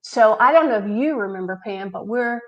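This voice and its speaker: Woman telling lively stories. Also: fairly high pitch, a little fast, highs cut off. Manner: animated anecdotes, acting out quoted dialogue. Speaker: charity founder, guest. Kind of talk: conversational storytelling interview.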